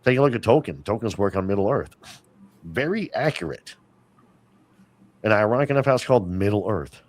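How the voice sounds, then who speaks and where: A man's voice: on the low side, animated, fairly quick. A man talking as a podcast guest, telling long rambling stories full of fillers and restarts. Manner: rambling storyteller, many fillers. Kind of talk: casual interview chat.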